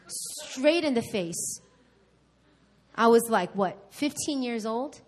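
Taking it slowly with long pauses, a New York woman with a voice on the high side preaches a sermon at church and gives her personal testimony. Her manner is candid and animated, with emphatic repetition.

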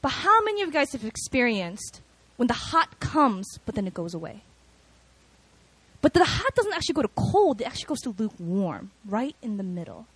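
A woman preaching a sermon, telling personal stories in an animated, conversational way with lots of fillers. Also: fairly high pitch, normal speed, husky, no echo.

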